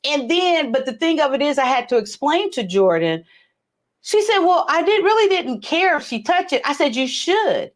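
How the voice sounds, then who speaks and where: Animated high-voiced woman telling stories. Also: moderate pace. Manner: animated, profane, acts out dialogue in high voices. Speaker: host. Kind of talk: casual live chat storytelling.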